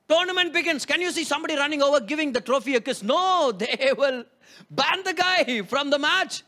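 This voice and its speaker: A man's voice: extremely high pitch, pushed and bright. A man preaching a sermon, emphatic, asking rhetorical questions and repeating key lines. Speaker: pastor.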